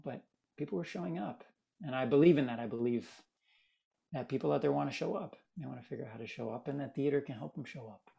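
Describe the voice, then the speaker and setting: Miami guy telling stories on a podcast, animated, mid-pitched. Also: vocal fry. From Miami, United States. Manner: animated, acts out quoted voices. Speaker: guest, theater maker. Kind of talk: casual storytelling interview.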